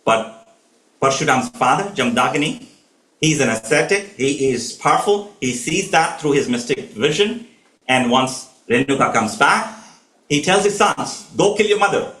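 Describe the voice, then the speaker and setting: A man's voice: medium pitch, animated, unhurried, a bit bright. A man telling a scripture story at a home gathering, earnest and often restarting his phrases. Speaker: spiritual storyteller. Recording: echoey room.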